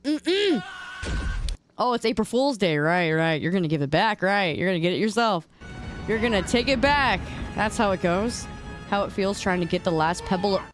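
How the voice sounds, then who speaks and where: Young woman, streamer, teasing, incredulous, high yelps, mid pitch, background music. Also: a little fast. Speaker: streamer reacting to memes. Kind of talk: casual livestream commentary. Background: music under the voice.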